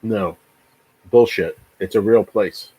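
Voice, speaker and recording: Livestream host, a man in his forties, low husky voice, swearing and ranting with heavy emphasis. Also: takes it slowly, warm tone, no room sound, poor audio. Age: 40s. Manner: repeats words. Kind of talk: casual livestream chat.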